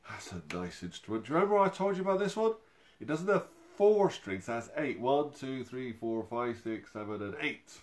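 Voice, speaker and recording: A man hosting a music session for babies and toddlers, talking to them in a gentle, chatty way. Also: medium pitch. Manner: gentle, chatty, talks directly to small children. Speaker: children's music session host. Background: ukulele playing.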